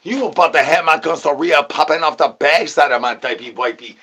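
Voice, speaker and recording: A man's voice: on the high side, a little fast, pushed and bright, slightly rough. A man streamer doing an absurd comedic rant, rambling in nonsense with stuttered repeats and sing-song catchphrases.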